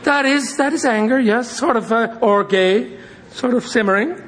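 A preacher playing a calm father explaining something to his little girl. The voice rises a little higher than the preacher's own as he speaks gently. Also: a little slow. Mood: gentle. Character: patient father teaching his little daughter.

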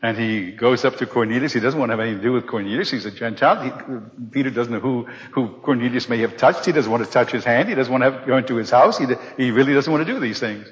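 Animated male storyteller in an echoing hall. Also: medium pitch, fast talker, hardly any pauses. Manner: animated storyteller who acts out voices. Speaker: speaker giving a personal testimony. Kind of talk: storytelling testimony to a live audience. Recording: dull recording in a large reverberant hall.

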